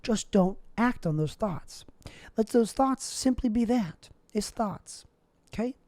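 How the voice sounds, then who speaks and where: Rambling deadpan young man, lively pitch. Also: takes it slowly, no room sound. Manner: deadpan, rambling, absurd asides. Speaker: comedic vlogger. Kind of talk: rambling comedic monologue.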